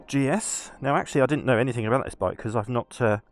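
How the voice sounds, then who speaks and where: A man with an English accent riding a motorbike and chatting to camera in a relaxed, self-deprecating way. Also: mid-range voice, fast talker, faint music behind. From England. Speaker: motorcycle vlogger. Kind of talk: casual vlog commentary. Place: outdoors, on a motorbike on country roads. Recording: noisy outdoor motorbike recording.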